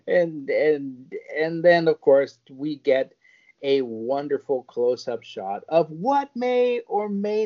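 Animated man telling a crude story. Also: on the high side, slow. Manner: lively storytelling, crude jokes. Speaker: podcast co-host. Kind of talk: casual comedic chat. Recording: dull lo-fi podcast audio.

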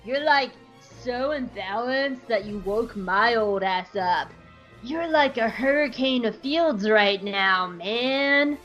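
A woman's voice: a little high, expressive, takes it slowly, fairly bright tone, highs cut off, soft background music. A woman voicing a laid-back ancient male creature who talks like a surfer dude, in a recap podcast. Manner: drawling slacker dude talk.

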